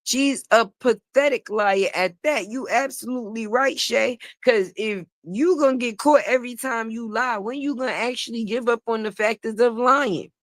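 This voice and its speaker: A woman with a somewhat high voice, talking bluntly and sassily through a livestream commentary, swearing freely and laughing a lot. The sound is close and dry, with no room echo. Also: normal speed, few pauses. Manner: blunt, sassy and profane, with frequent laughter. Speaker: online commentator. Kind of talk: casual gossip commentary on a livestream.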